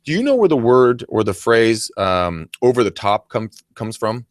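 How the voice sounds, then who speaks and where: A man co-hosting a casual coaching chat, animated and acting out silly greetings as he talks. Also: medium pitch, normal speed, dry recording, clean studio sound. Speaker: podcast co-host.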